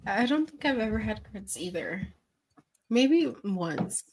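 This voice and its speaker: A woman's voice: medium pitch, very animated, takes it slowly, noisy background. A woman co-hosting a podcast in casual chat, laid-back and using casual slang. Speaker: podcast co-host.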